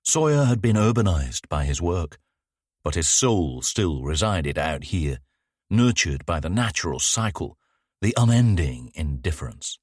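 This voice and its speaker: A man reads a thriller aloud in a measured, descriptive storytelling manner. His voice is very deep but moves up and down a lot. The recording is dry and close. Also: big pitch swings, darkish tone, dry recording. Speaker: audiobook narrator. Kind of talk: scripted narration.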